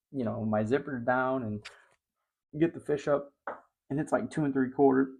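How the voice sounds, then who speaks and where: A middle-aged man telling a fishing story in a relaxed, chatty way. His voice sits at an ordinary pitch for a man. When the story gets exciting, it jumps up loud and high. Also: moderate pace, creaky, long pauses. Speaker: fishing show host. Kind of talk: casual storytelling.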